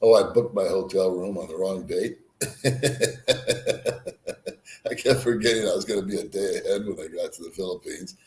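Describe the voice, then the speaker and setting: Deep-voiced older man telling a rambling story. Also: moderate pace, pauses often, darkish tone, echoey room. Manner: rambling, laughs at his own story, swears freely. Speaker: vlogger. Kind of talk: casual storytelling.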